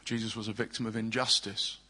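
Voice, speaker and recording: A man preaching a sermon in an earnest way, often dropping to soft, hushed tones. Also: on the low side, flat delivery, a little fast, husky, poor audio.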